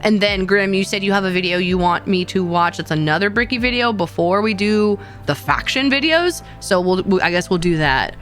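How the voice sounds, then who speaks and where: A woman's voice: medium pitch, animated, normal speed, few pauses, a bit bright, faint music behind. A woman streamer casually chatting with her viewers in a playful, rambling way, often laughing and repeating herself. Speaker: VTuber streamer.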